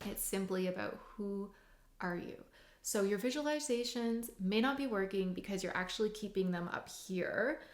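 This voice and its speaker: A woman hypnotherapist and mindset coach teaching in a casual, chatty way, full of "like" and "you know". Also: mid-range voice. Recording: roomy echo.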